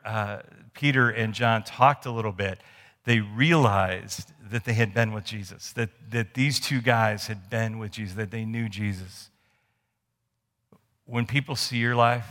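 Preaching from a church sanctuary drenched in long reverb, a pastor with a lowish, somewhat bright voice gives a sermon. His style is chatty and narrative, with restarts and side remarks.

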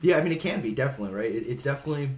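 A man's voice: mid-range voice, animated, very fast. A man in his thirties from Hawaii, a veteran podcast guest, speaking in a casual, frank way and swearing now and then. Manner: casual and frank, swears, acts out quoted voices. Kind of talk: candid conversational storytelling. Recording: echoey room.

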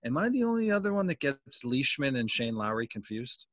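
A man's voice: medium pitch, very animated, a little fast, a bit bright, no room sound, studio quality. A man co-hosting a golf podcast in casual chat, joking and bantering with the others.

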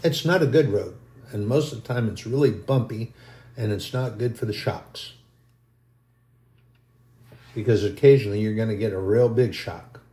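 A man's voice: fairly low pitch, moderate pace, long pauses, mellow, reverberant. A man preaching a sermon, telling a long everyday story in a folksy, rambling way.

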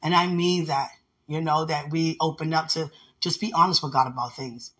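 His voice fairly bright, husky and a little high, a vlogger holds a steady tone at a moderate pace while addressing his fiancé. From a spot by his window at home, he rambles and laughs a lot in this casual, devoted, loving talk.

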